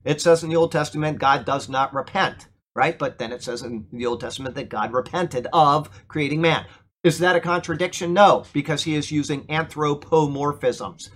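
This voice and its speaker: A man's voice: fairly high pitch, moderate pace, fairly bright tone, a little hiss or hum. Emphatic man teaching a Bible class. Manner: emphatic, asks the class "okay?" often. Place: church classroom.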